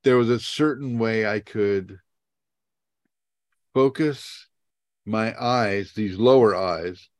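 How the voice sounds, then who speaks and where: A lower-pitched man answers questions on a video call, drifting into stories with many ums and self-mocking laughs. His voice sounds dry, with no room echo at all. He keeps an informal, teacherly tone. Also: slow pace, long pauses, darkish tone. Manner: meandering, laughs at himself, many fillers.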